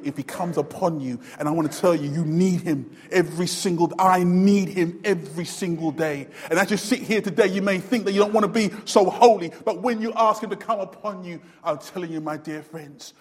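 A man preaching a sermon, swinging between loud emphatic lines and low, quiet ones. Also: slightly rough. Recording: long hall reverb.

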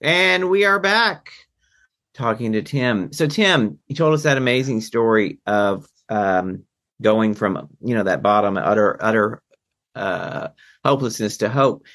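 A man's voice: lowish voice, a little slow, a bit bright. A man hosting a podcast, interviewing a guest in a supportive way with affirmations. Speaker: podcast host.

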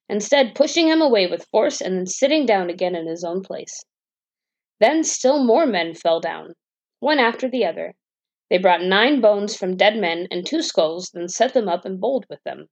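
Gravelly-voiced woman reading a bedtime story. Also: medium pitch, moderate pace. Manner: calm, even storybook narration.

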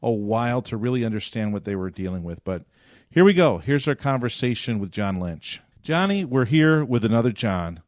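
A man's voice: mid-range voice, very animated, moderate pace, no echo. Older man pastor telling a story, dry close sound. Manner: storytelling, joking banter. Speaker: pastor and podcast co-host. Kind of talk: casual podcast chat.

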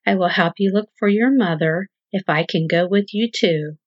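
A woman's voice: on the low side, normal speed, close to an everyday voice. A woman voicing a male garden rabbit who sounds concerned and obliging. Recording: dull lo-fi dry recording.

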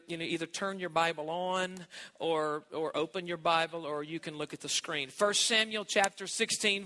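A man's voice: sits high, sharp tone, in a large hall. A man giving a sermon as a guest preacher, emphatic and stretching key words, with light joking asides.

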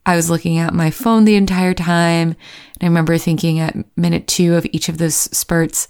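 Candid woman with a gravelly low voice. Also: fairly even intonation, moderate pace, a little mellow. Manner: candid and self-deprecating, acting out her own inner voice. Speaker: vlogger. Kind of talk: personal storytelling to camera.

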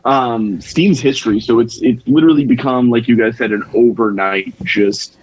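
A man's voice: medium pitch, normal speed. Man on a muffled call line. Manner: explains in long runs with filler ums. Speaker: guest caller. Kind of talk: casual podcast chat.

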